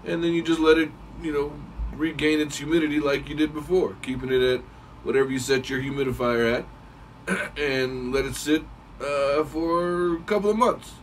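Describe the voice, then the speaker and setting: A man giving a casual, rambling how-to talk as a cigar reviewer, clearing his throat now and then. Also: a little high, normal speed, distant mic, slight background noise, poor audio.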